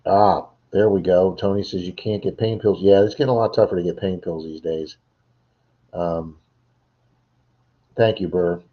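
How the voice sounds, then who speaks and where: Deep-voiced man rambling on a livestream. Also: steady tone, moderate pace, long pauses, lo-fi sound. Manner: rambling, reads and answers viewer chat. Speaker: livestream host. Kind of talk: casual livestream chat. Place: home.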